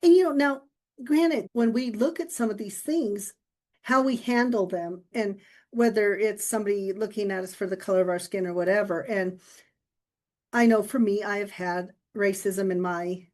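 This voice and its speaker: A woman co-hosting a podcast, telling personal stories in a relaxed, reflective way and laughing often. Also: mid-range voice, moderate pace. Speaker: podcast co-host. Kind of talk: casual conversation.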